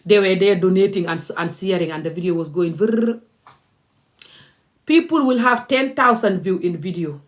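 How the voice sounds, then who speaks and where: A woman's voice: medium pitch, normal speed. Woman, activist vlogger, impassioned monologue, emphatic, repetitive.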